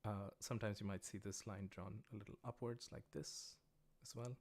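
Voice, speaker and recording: A man's voice: fairly low pitch, fairly even intonation, normal speed, darkish tone. An American man teaching a livestreamed language lesson, explaining patiently as he writes, with frequent "uh" and "um" fillers. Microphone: livestream microphone.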